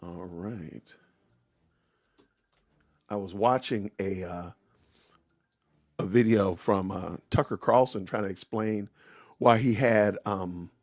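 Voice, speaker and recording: Easygoing man, podcast host, casual livestream chat, lowish voice, dry close sound. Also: dry recording. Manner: relaxed, easygoing, many fillers.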